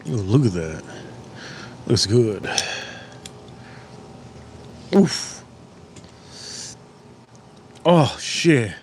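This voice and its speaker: A man hosting a live cooking stream outdoors at a grill, talking in a casual, profane way with sudden loud exclamations. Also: fairly low pitch, sing-song, takes it slowly, pauses often, slight background noise.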